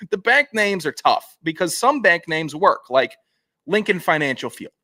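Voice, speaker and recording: Male co-host, casual sports banter, quick blunt rants, slightly raised pitch. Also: very animated, bright, forceful tone. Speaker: podcast co-host.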